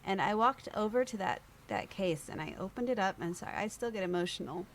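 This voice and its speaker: A woman guest on a podcast, telling a personal story in lively conversation and acting out the voices of people she quotes. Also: mid-range voice, fairly quick, a little hiss or hum.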